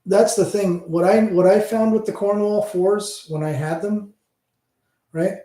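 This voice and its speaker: A tipsy man in his fifties with a Canadian accent hosts a loose livestream chat, rambling and swearing as he goes. His voice sits fairly high yet sounds warm and mellow. The room around him is echoey. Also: steady tone, unhurried. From Hamilton, Ontario, Canada. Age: 50s. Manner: rambling, profane, chatty. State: tipsy from drinking. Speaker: livestream host. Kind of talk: casual livestream chat with viewers.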